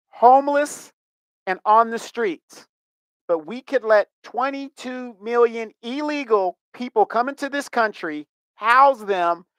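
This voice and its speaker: A man's voice: sits high, a bit bright, no echo. A middle-aged man giving emphatic, indignant commentary as a vlogger, often repeating himself. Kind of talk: ranting commentary.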